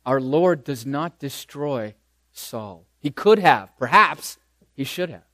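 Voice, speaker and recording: Slow, deliberate preaching man. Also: medium pitch, expressive, no room sound. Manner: slow, deliberate preaching with dramatic soft drops and emphatic repetition. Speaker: pastor. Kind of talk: sermon.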